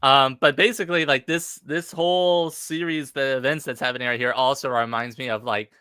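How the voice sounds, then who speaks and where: A man with a bright, forward tone chats on a live stream. He retells things animatedly, padding his talk with fillers. The recording is dry and close. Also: medium pitch, fairly even intonation, brisk, clear, resonant tone, dry recording. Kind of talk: casual chat about comics.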